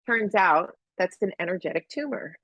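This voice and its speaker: A woman's voice: mid-range voice, expressive, unhurried, a bit bright, no room sound. A woman guest on a podcast, telling a personal story earnestly and repeating phrases for emphasis. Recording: dull, lo-fi, dry sound.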